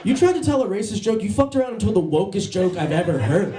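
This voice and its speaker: A man doing a stand-up comedy set, telling animated stories and slipping into voiced impressions. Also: high voice, fast, reverberant, crowd noise. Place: comedy club stage.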